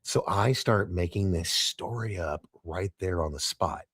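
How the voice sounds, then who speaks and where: A middle-aged man, a podcast guest, telling animated anecdotes and acting out the dialogue in shifting voices. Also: sits low, measured pace, husky, no room sound, clean studio sound. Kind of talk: casual storytelling in a podcast interview.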